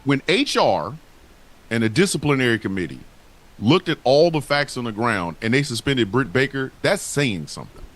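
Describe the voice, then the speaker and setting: A man's voice: mid-range voice, sing-song, normal speed, a bit bright. A man co-hosting a casual wrestling talk show, speaking in a heated, profane and emphatic way. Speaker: podcast co-host.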